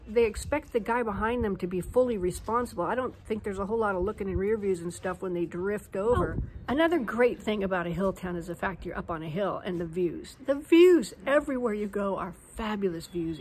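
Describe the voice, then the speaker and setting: An American woman chatting casually in a vlog, telling animated stories with plenty of fillers, filmed on a handheld phone at her home terrace. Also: medium pitch, a little hiss or hum, rough recording. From United States. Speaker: vlogger. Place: home terrace in a hill town.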